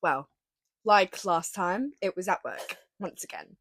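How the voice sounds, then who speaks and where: A woman's voice: on the low side, measured pace, dry recording. A young woman with an Australian accent, co-hosting a casual podcast and telling stories with swearing and laughs. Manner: animated storytelling with laughs and swearing. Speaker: podcast co-host. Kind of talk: casual chat.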